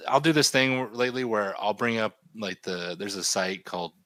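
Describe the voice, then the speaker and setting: A man in his thirties co-hosts a casual podcast over a remote call mic, rambling animatedly about video games in relaxed chat. His voice is on the low side at normal speed, with no room sound.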